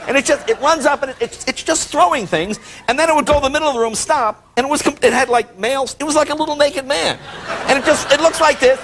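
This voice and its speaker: An animated middle-aged man spins a comic anecdote as a talk show guest, his high voice leaping up and down as he acts out the people in it. The noisy TV broadcast sound carries a steady hiss under him. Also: quick pace. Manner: animated storyteller, does voices and shouts. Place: TV studio.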